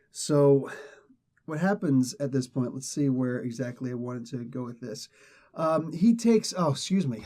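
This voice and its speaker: Guy rambling thru a comic review, keeps correcting himself, kinda warm dark tone. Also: medium pitch. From not British. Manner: rambling, self-correcting, opinionated. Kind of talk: casual spoken review.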